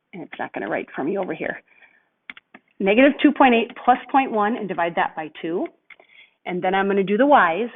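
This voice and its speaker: A woman teacher walking through a math lesson step by step, patient and thinking aloud. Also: mid-range voice. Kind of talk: recorded lesson walkthrough. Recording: tinny phone-like audio.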